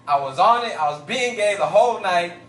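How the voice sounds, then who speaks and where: A young male stand-up comic with a fairly high voice, spinning an animated story in casual slang. His voice rings around a roomy live venue, picked up from across the room. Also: a little fast, far from the mic. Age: young adult. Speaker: stand-up comedian. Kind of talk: stand-up comedy.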